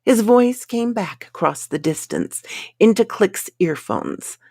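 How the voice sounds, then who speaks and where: Woman storyteller, slow and dramatic, widely varied pitch, close dry recording. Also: sing-song, vocal fry, warm tone, slightly rough, no echo. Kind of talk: pulp sci-fi story reading.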